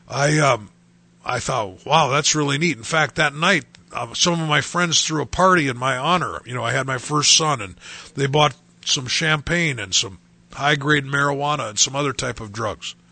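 A man in his sixties, a pastor telling his personal testimony in a halting way, often repeating words and restarting. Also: medium pitch, creaky, sharp tone, breathy edge.

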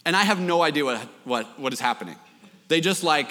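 A man's voice: fairly high pitch, expressive, brisk, sharp tone, in a large hall. A young man preaching a sermon, telling a story with self-deprecating jokes. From Canada. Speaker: pastor.

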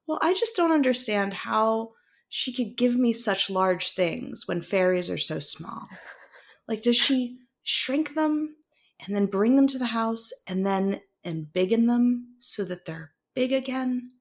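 A woman putting on the voice of her curious little daughter, earnest and puzzled, asking slow questions. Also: on the high side, expressive.

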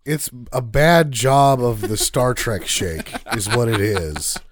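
A man's voice: mid-range voice, animated, slow pace, no room sound, clean studio sound. A man co-hosting a casual podcast, recapping a movie with wry, sarcastic remarks. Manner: wry, sarcastic about the film. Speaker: podcast co-host.

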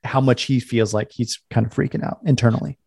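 A man's voice: medium pitch, steady tone, brisk, creaky, a little mellow, husky, no room sound, clean studio sound. A man hosting a podcast interview, talking casually and enthusiastically, often laughing. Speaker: podcast host. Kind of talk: conversational interview.

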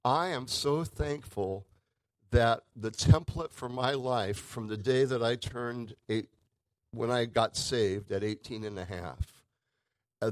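A man's voice: mid-range voice, dry recording, poor audio. Conversational male preacher, dry close sound. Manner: conversational, emphatic swings in loudness. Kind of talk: sermon.

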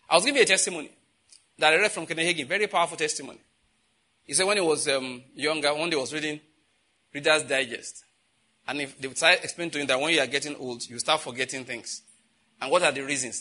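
A man's voice: a little high, bright, forceful tone, slightly rough. A man preaching a sermon, asking the congregation questions and answering them himself, with emphatic repetition. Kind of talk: sermon teaching.

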